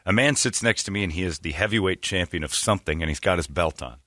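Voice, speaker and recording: Quick-paced and low-voiced, a man hosting a sports radio program launches into a long, meandering anecdote and acts out what its characters said. The recording is dry and studio-clean.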